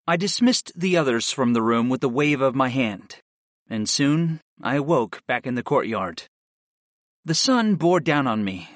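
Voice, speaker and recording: A man narrating a fantasy audiobook in the first person, telling it in a steady, expressive way. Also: mid-range voice, no echo, studio quality.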